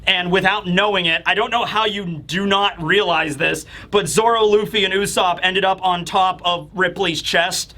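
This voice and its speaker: A man's voice: high voice, fairly even intonation, moderate pace, hardly any pauses, pushed and bright. A man reviewing a comic chapter in a rambling, chatty way. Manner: rambling, chatty, lots of fillers and laughs. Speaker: manga reviewer. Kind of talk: casual commentary.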